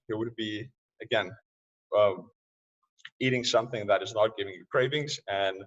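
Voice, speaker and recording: A man speaking as a podcast guest in casual interview talk, loose and quick to laugh, often restarting his sentences. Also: lowish voice. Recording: distant, muffled remote audio.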